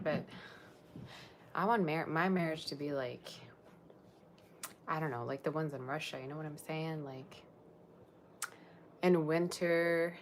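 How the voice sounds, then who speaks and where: A woman's voice: low-pitched, slight background noise. A woman tarot reader chatting casually on a livestream, rambling and talking straight to her viewers.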